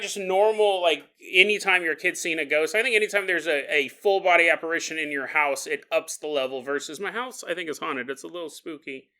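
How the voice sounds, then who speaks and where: A man hosting a podcast, telling a creepy story in a casual, animated way, laughing often and jumping into quick kid voices. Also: fairly high pitch. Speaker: podcast host.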